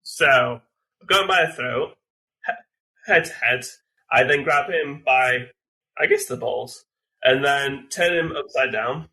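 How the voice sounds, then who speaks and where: A man playing a tabletop game, halting and giggly as he describes his moves step by step. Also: medium pitch, bright, forceful tone, rough recording. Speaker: player. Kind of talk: tabletop role-play chat.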